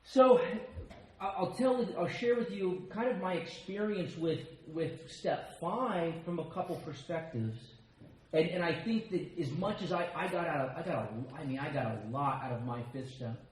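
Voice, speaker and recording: American man, somewhat high voice, personal recovery share, animated storytelling, self-mocking, very echoey hall, faint background hum. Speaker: speaker at a recovery meeting. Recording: very echoey room with faint ambience.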